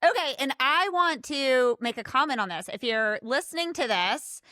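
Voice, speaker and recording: A woman's voice: high voice, animated, normal speed, sharp tone, dry recording, clean studio sound. A woman hosting a podcast interview who talks to listeners in an enthusiastic, encouraging way. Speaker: podcast host.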